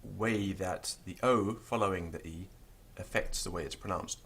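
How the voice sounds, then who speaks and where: A man's voice: moderate pace, breathy edge. A man teaching a beginners' language lesson, patiently spelling out words letter by letter. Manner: lively pitch, stresses example words.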